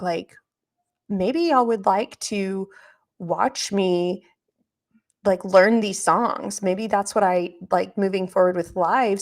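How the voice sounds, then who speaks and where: A woman hosts a live reaction stream, chatting casually and reading viewers' messages aloud. Her voice sits at a middle pitch but runs low on energy, with a light rasp near vocal fry. She talks loosely and gets sidetracked easily. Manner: chatty and easily distracted, reads chat aloud.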